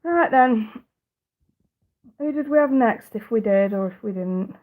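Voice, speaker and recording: A woman in her thirties with a British accent, chatting on a live stream in a blunt, swear-heavy way and laughing often. Her voice sits a bit high. The sound is thin and tinny, like a phone line. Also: lively intonation, unhurried. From United Kingdom. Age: 30s. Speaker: psychic reader hosting a live stream. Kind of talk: casual live-stream chat.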